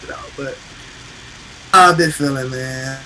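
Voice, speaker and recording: A man's voice: mid-range voice, measured pace, pushed and bright, a little hiss or hum, rough recording. A man talking in an emotional, profane casual chat as a podcast host, passionate and repetitive.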